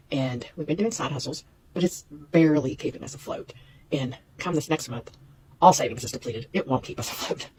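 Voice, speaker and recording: A woman's voice: sits low, a little mellow, a little hiss or hum, poor audio. Candid woman in her fifties, rambling. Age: 50s. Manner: candid, rambling, nervous laughter. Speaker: jobless parent. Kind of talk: casual vlog confession.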